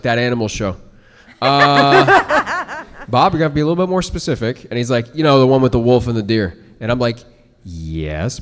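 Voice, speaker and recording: A young man tells a lively story on a convention stage, his voice sitting a little low. Long reverb from the hall trails behind each phrase. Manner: animated anecdote telling with impressions. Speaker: voice actor panelist.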